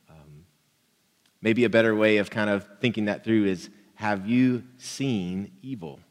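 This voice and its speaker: A male pastor preaching in a relaxed, chatty way and joking with the congregation. His voice sits a bit low and carries a long reverb, as if it fills a large hall. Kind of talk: sermon.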